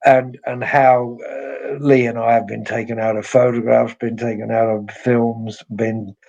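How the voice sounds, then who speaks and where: A guest musician, a man, talks over a slightly dull, lo-fi remote line. He speaks at a medium pitch, unhurried and reflective, and often starts a thought by repeating a word. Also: little pitch movement, creaky, a little mellow. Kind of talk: casual interview conversation.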